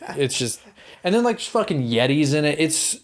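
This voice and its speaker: A man co-hosting a podcast, chatting casually about movies in a rambling, animated way, swearing and acting out quotes. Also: a little high, moderate pace. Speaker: podcast co-host.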